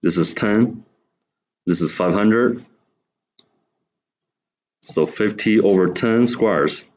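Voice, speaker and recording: Low-voiced man lecturing to a class. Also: takes it slowly, lo-fi sound. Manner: explaining step by step, asking the class questions. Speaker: university lecturer.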